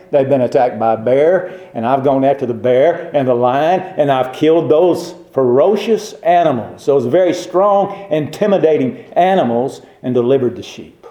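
A man's voice: medium pitch, lively intonation, normal speed, few pauses, mellow, echoey room, lo-fi sound, natural voice. A man voicing a young, confident shepherd warrior, speaking with earnest resolve in a sermon retelling. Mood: resolute.

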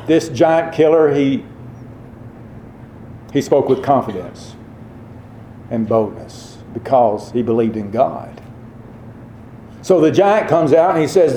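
A male preacher delivering a sermon in a warm, mellow voice, emphatic and throwing rhetorical questions to his listeners. The sound is roomy and echoey. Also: medium pitch, lively intonation, unhurried, pauses often, a little hiss or hum. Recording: roomy echo.

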